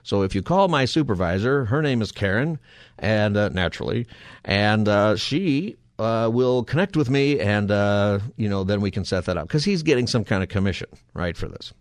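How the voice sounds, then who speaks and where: A middle-aged man hosting a call-in radio show, telling a long exasperated story in a casual, animated way. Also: on the low side, moderate pace, dry recording, studio quality. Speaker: radio talk show host.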